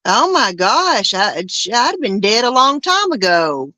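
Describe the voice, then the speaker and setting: A woman's voice: fairly high pitch, big pitch swings, measured pace, sharp tone, no echo. A woman, hosting a podcast in a casual chat that rambles and halts with many fillers and restarts. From Arkansas. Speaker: podcast host.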